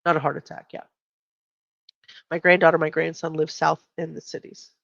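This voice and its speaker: A chatty American woman hosts a true crime livestream from home, mixing news reads with quick asides and laughs. Her mid-pitched voice comes through a slightly dull, dry mic with no room sound. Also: little pitch movement, creaky, dry recording. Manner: chatty, laughs often, reads headlines aloud. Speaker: livestream host.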